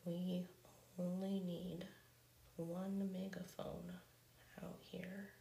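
A woman's voice: lowish voice, flat delivery, very slow, gravelly, reverberant, distant mic, a little hiss or hum, full character voice. A woman whispering as an indignant filmmaker man, whispered role-play. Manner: soft whisper, lightly voiced.

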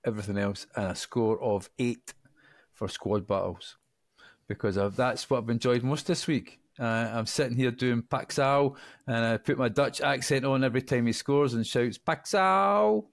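A man's voice: mid-range voice, steady tone, normal speed, no echo, studio quality. A man co-hosting a casual podcast chat, easygoing and joking. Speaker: podcast co-host.

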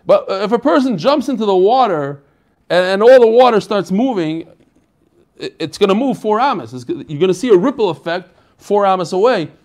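Guy teaching talmud over a video call, pretty high voice, chatty, keeps asking himself questions. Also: expressive, a little fast, darkish tone. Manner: chatty, asks questions and answers them himself. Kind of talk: online Talmud class, casual explaining.

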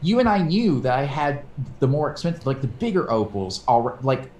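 A man telling a story in casual podcast chat, animated and swearing casually, acting out quoted voices. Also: mid-range voice, normal speed, echoey room, slight background noise. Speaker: podcast co-host.

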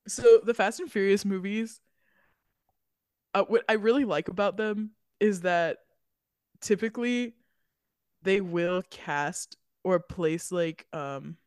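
Woman, podcast co-host, unhurried, giggly, rambling, dry close sound. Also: mid-range voice, no room sound. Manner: giggly, rambling with many fillers. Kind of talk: casual chat.

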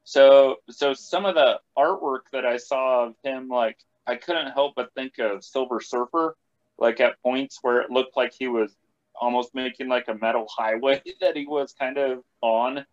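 Hesitant man, halting casual talk. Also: medium pitch. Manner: hesitant, halting, lots of restarts. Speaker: podcast regular. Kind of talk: casual chat. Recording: dull lo-fi sound.

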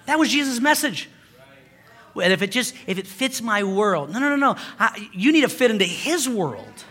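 Man, pastor preaching, high voice, bright tone, emphatic, conversational, repeats phrases. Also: sing-song, normal speed. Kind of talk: sermon.

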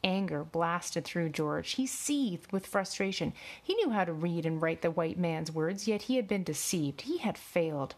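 Woman reading a storybook, lower voice. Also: expressive, measured pace, few pauses, a little mellow. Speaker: audiobook narrator. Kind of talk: storybook narration.

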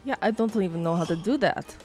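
A woman's voice: on the low side, fast talker, mellow, soft background music. A woman player in a tabletop game, talking in a blunt, matter-of-fact way. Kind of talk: casual tabletop role-play.

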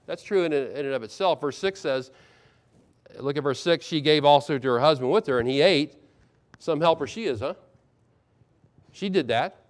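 A middle-aged man, a pastor, preaching a sermon with expressive delivery, acting out quoted lines and swinging between loud and hushed moments. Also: fairly high pitch, moderate pace, long pauses.

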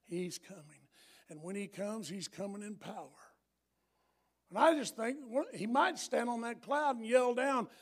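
A middle-aged man preaching a sermon, emphatic and repetitive, swinging from hushed lines to loud ones. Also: sits high, measured pace. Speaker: pastor.

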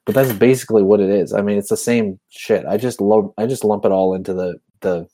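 Mellow low-voiced man chatting casually. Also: steady tone, brisk, no room sound. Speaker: podcast co-host. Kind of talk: casual chat.

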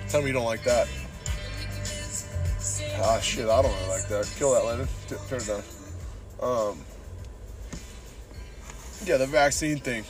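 This Southern California podcast host, from San Diego, rambles and swears through a casual rant from behind the wheel, working "dude" into almost every thought. His medium-pitched voice keeps a measured pace broken by long pauses, and faint music plays underneath.

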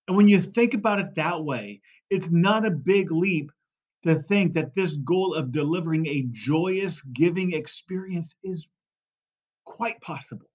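Man, fundraising coach, emphatic monologue with slightly high pitch and a dull lo-fi recording. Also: measured pace, a little mellow. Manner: emphatic, repeats key phrases, frequent "right?" and "okay?". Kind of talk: podcast monologue.

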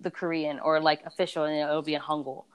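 A woman's voice: deep voice, level tone, quick pace, clear, resonant tone. A woman in a casual conversation about beauty brands, a reviewer and blogger who tells her stories with animation and acts out other people's voices.

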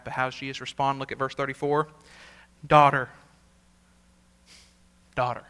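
A male senior pastor preaching a sermon. He speaks earnestly, repeats words for emphasis, and swings from emphatic peaks to quiet asides. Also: medium pitch, little pitch movement, moderate pace, long pauses, smooth.

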